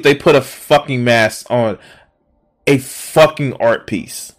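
A man streaming a reaction, ranting with sarcasm and profanity, swinging from low mutters to loud outbursts. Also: slow. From Chicago area.

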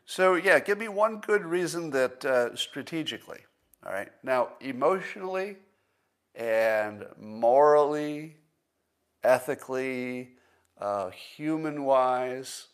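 A man hosting a livestream in a casual commentary style, thinking aloud and slowing down to stress his points. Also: mid-range voice, animated, fairly bright tone. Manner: conversational, thinks aloud with restarts and small laughs. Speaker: livestream host.

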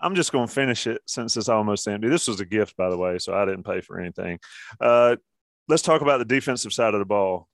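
Low-voiced joking male podcast host. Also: lively intonation, fast talker, no room sound. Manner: joking, steering the conversation. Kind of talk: casual sports chat.

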